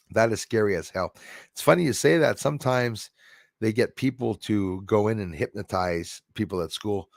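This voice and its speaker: A man's voice: on the low side, moderate pace, gravelly, dry recording, studio quality. Rambling Quebecois man hosting a live stream. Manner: rambling, reads out and answers viewer comments. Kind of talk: casual live stream chat.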